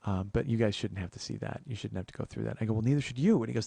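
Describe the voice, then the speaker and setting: A man's voice: on the low side, very fast, gravelly, warm tone, slightly rough, no room sound. A man hosting a podcast, telling a personal story in a profane, emphatic way with frequent restarts. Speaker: podcast host.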